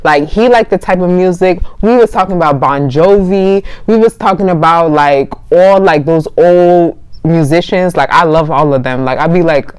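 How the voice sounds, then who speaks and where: A woman's voice: on the low side, normal speed, hardly any pauses, clear, resonant tone, no echo. A young woman vlogger casually telling a dating story, chatty and laughing often as she acts out both sides of the conversation.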